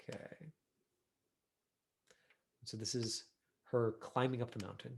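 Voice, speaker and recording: A man's voice: mid-range voice, fairly even intonation, takes it slowly, vocal fry, a little hiss or hum. Chatty male acting teacher, full of fillers. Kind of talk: online acting class, reviewing a self-tape.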